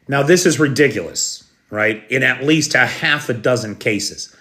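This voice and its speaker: This livestream news host is an American man with a mid-range, bright voice and a forceful tone, talking unhurriedly with few pauses. His unscripted commentary is blunt and sarcastic, with occasional swearing, and he addresses his chat directly.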